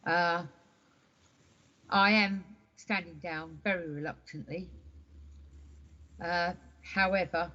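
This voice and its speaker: A woman councillor speaks in a heartfelt way during an online meeting. Her voice sits slightly low, and the audio is dull. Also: fairly even intonation, slow pace, long pauses, bright, forceful tone. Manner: heartfelt, emotional. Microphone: video call. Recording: dull lo-fi video call audio.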